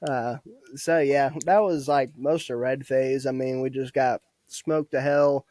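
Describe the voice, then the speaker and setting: A man's voice: mid-range voice, steady tone, unhurried, darkish tone, no room sound. A young man in his twenties, a podcast guest telling casual stories about his army training, laughing often and swearing freely. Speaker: podcast guest, former soldier. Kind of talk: casual storytelling.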